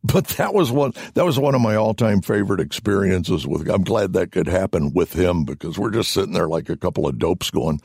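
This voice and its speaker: Gravelly low-voiced man telling animated stories. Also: brisk, hardly any pauses, no room sound, studio quality. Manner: animated, self-deprecating, laughs while telling stories. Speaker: interview guest, voice actor. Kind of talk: anecdotal storytelling in conversation.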